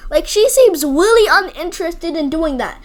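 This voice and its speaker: A woman's voice: very high voice, expressive, moderate pace. A woman giving a casual, rambling movie review, opinionated and full of "like" and repeated phrases.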